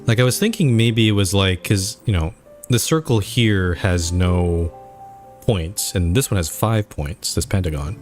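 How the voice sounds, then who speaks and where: A man's voice: sits low, measured pace, faint music behind. Man thinking aloud over a game. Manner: thinking aloud, reads on-screen text aloud. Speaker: streamer. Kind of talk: let's play commentary.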